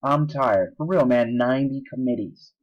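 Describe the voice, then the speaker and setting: A man's voice: mid-range voice, normal speed, muffled recording, pitched above the performer's own voice, lightly acted. A teacher putting on a weary mock-British statesman. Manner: hammy, weary complaining. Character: tired male founding father, mock British voice.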